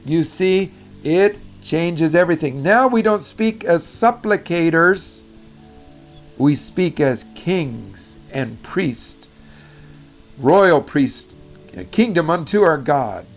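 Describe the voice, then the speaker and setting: Male Bible teacher with a slightly high voice and an emphatic, self-correcting teaching manner over light background music. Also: expressive, takes it slowly. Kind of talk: teaching talk on prayer.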